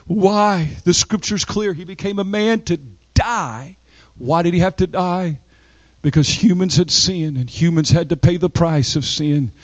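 A man preaching a sermon, emphatic, with dramatic pauses and sweeping rises in pitch. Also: no room sound.

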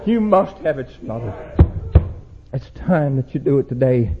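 A young man preaching a sermon, swinging from low, quiet warnings to loud shouted exhortation. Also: sing-song, measured pace, soft background music. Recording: dull lo-fi church recording.

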